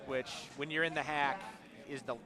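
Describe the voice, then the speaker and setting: A man's voice: on the high side, level tone, normal speed, crowd noise. A man commenting live on a curling match, chatty and explaining tactics. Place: curling rink with players calling out nearby.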